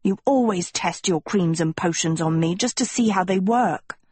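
A woman doing a gruff, sullen teenage girl. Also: on the low side, moderate pace, a little mellow, dry recording. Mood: grumpy. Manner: blunt and grumpy.

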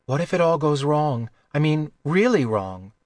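A man's voice: on the high side, very animated, unhurried, darkish tone, no echo, clean studio sound. A man reading a worried young girl.

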